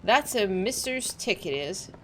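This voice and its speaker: A woman's voice: medium pitch, lively intonation, measured pace, fairly bright tone, slight background noise. A woman doing a rowdy pirate sailor guy, salty and bragging, voice swinging up and down, from a game. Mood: boastful. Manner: folksy salty sailor talk. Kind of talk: reading game dialogue aloud.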